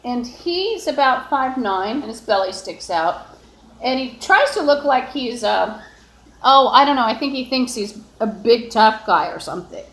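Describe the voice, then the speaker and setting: A woman with a slightly high voice talks to her phone in a long, wandering monologue full of fillers and false starts. She is in an apartment, and the room gives her voice a noticeable echo. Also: lively intonation, a little slow, fairly bright tone. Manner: meandering, with frequent fillers and restarts. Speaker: livestreamer. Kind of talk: rambling solo live stream. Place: indoors in an apartment. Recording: echoey room.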